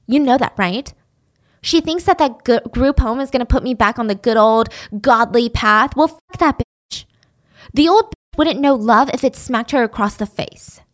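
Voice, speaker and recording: A woman voicing an angry, rebellious teenage girl who curses loudly. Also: on the high side, moderate pace, lightly acted. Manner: loud, cursing, heated.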